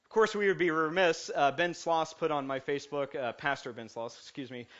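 Brief: male pastor, bright forceful voice, joking then earnest sermon, dull lo-fi recording. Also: a little high, fairly quick. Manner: jokey and animated, then calm and earnest. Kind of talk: lighthearted sermon. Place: church sanctuary. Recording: muffled lo-fi sound.

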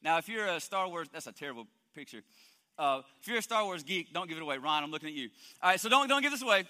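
A male pastor preaching a lively sermon, joking and quizzing his congregation in a church hall. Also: a little high, fast. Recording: long hall reverb.

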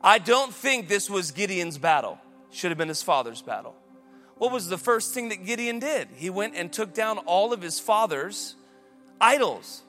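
A man pastor preaching a lively sermon, building to loud emphatic peaks. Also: high-pitched.

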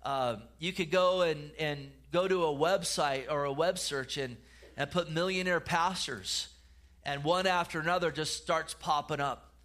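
A man's voice: on the high side, measured pace, a bit bright. A man, a pastor, preaching a sermon in an earnest way, often repeating words and restarting phrases.

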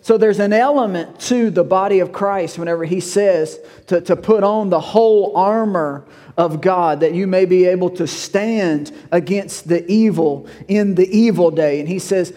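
Folksy preacher, slightly high voice. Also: male voice, a little slow, a little mellow, in a large hall. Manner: folksy and conversational, with storytelling and restarts. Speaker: pastor. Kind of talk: sermon.

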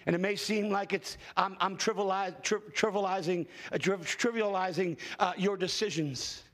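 A man in his fifties preaching a fervent sermon, often breaking into shouts and hallelujahs. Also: sits high, fairly even intonation, moderate pace. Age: 50s. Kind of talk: Pentecostal sermon.

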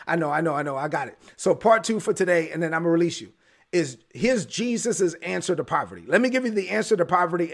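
A man's voice: high voice, creaky, a bit bright, breathy edge. A male pastor preaching a sermon, emphatic and repetitive, building phrases to a punch.

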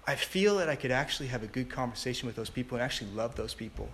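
A man's voice: medium pitch, expressive, very fast, fairly bright tone, slight background noise. Man telling a rambling personal story. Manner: rambling, with many fillers and restarts. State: tearful. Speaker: speaker sharing a testimony. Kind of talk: personal testimony talk.

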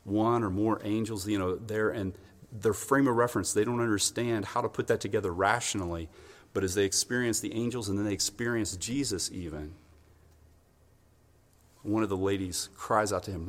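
A man preaching a sermon in an animated storytelling way, acting out the voices of the people in his stories. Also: on the low side, normal speed, long reverb tail.

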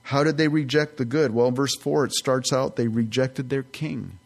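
A man's voice: medium pitch, normal speed, creaky. A man teaching a sermon as a pastor, earnest and conversational, with casual asides between scripture readings.

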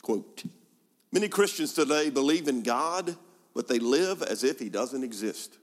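A man's voice: medium pitch, animated, measured pace. Preaching man in a reverberant hall. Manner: rhetorical questions, emphatic repetition. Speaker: pastor. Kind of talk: sermon.

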